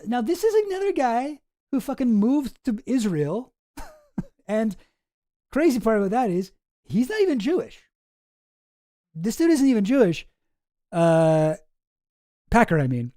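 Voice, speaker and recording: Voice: medium pitch, mellow, no room sound, studio quality. A streamer giving casual commentary in a rambling, profane way, often breaking off mid-sentence and sometimes sarcastic. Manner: rambling, profane, self-interrupting.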